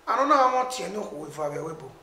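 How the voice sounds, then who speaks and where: Racing along in a high voice, this Nigerian musician keeps a casual conversation lively, blending pidgin with Edo. There's slight background noise, and the room echoes.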